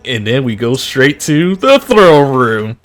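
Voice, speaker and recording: A man's voice: mid-range voice, big pitch swings, slow pace, faint music behind. A young man narrating as game master in a loose, rambling way, full of restarts and fillers. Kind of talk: casual tabletop game narration.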